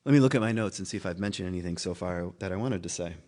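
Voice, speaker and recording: A man's voice: sits low, rapid-fire, darkish tone. A man giving a loose, conversational talk at a spiritual community. He muses aloud, laughs at himself and restarts his thoughts often. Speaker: guest speaker at a spiritual community. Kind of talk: informal sermon talk.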